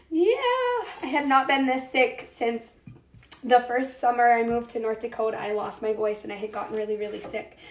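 In an echoey home kitchen with faint background noise, a young cooking show host chats her way through a live demonstration, replying to comments and calling everyone "you guys." Her voice is a little high, and she's on the mend after losing it.

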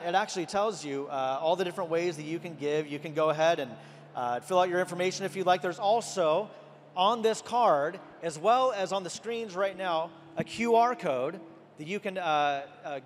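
A man's voice: on the high side, slight background noise. A male host speaks from the stage of a big arena in a slightly raised voice, easygoing and conversational as he talks the crowd through giving. Long reverb trails his words, with faint ambience behind. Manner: relaxed and conversational, many fillers. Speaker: event host and pastor. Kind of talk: onstage appeal for donations. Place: large arena.

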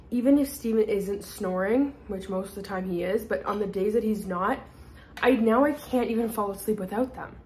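A young woman talks to her phone camera at arm's length in a loose, chatty vlog style. Her voice sits at a middle pitch, and she wanders from thought to thought, filling the gaps with "like" and "um". Faint room ambience sits behind her. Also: a little mellow, slight background noise. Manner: rambling, fillers like "like" and "um". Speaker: vlogger. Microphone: handheld phone at arm's length.

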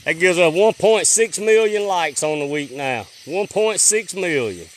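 A man hosting a late-night livestream from a rural farm on his phone. He rattles off viewers' names in a drawl and drops to a hush when he listens for sounds. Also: high voice, expressive, measured pace, a little hiss or hum. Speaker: livestream host.

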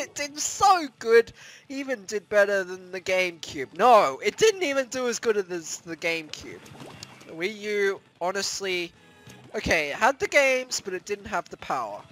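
A young adult gaming host giving excitable let's-play commentary, breaking into screams at scares and rambling in self-mocking asides. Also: mid-range voice.

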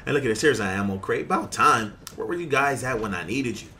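A man giving excited commentary over his gameplay, trash-talking and hyping his plays. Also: medium pitch, fast talker. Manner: hyped, trash-talking, keeps saying look at that. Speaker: gaming YouTuber.

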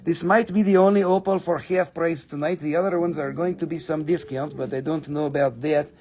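A man hosting a live gemstone sale, excitable and cursing freely, breaking into snatches of song. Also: on the high side, brisk, a little hiss or hum. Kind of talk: live shopping stream. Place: home shop.

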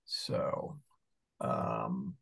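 A male Latin teacher in an easygoing class, who talks unhurriedly and thinks aloud while hunting for answers. His voice is gravelly and a little husky. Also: extremely low pitch, huge pitch swings, extremely slow, fairly bright tone. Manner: thinks aloud, mumbling asides while searching. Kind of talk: casual online class. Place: church parish class over video call.

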